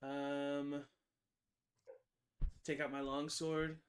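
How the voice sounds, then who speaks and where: A man playing a tabletop game, talking casually in an animated, rambling way full of fillers and laughs. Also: on the high side, very slow. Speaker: player.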